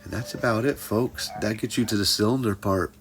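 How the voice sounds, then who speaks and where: A man's voice: lowish voice, brisk, a bit bright, slight background noise. A man teaching a pottery class in a casual hands-on demonstration, joking with his viewers as he works. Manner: playful, jokey asides addressed to "folks".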